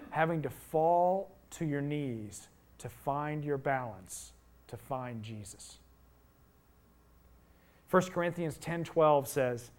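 A middle-aged man delivers a sermon in a slightly higher voice. He tells the story with rhetorical questions, then pushes to loud, emphatic peaks. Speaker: pastor.

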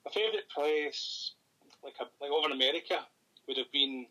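A Scottish man in casual interview chat, rambling and thinking aloud with many pauses. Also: a little high, sharp tone, low-quality recording. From Scotland. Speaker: paranormal investigator and author.

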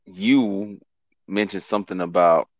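A man co-hosting a podcast, chiming in with slow, deadpan casual remarks. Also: deep voice, dry recording. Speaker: podcast co-host. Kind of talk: casual chat.

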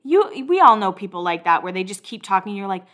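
A woman's voice: medium pitch, big pitch swings, brisk, fairly bright tone. A woman hosts a casual recap podcast, walking through reality show scenes. Her talk is chatty and gossipy. She drops in blunt asides and curses freely. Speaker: podcast host.

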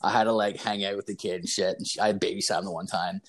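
A young man in his twenties tells a rambling, profane story in casual chat, filling it with "like" and swearing. His voice sits on the low side of a man's range. He loops back and restarts his sentences as he goes. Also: little pitch movement, quick pace. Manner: rambling, profane, filler-heavy.

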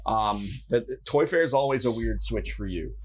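Man, podcast co-host, casual rambling chat, mid-pitched voice. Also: moderate pace, slight background noise. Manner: chatty, rambling, animated asides.

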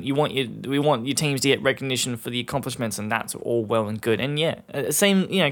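A man's voice: medium pitch, a bit bright. Sweary rambling Australian man. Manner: casual, sweary, laughs often, many fillers and restarts. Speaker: podcast host. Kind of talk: rambling solo podcast.

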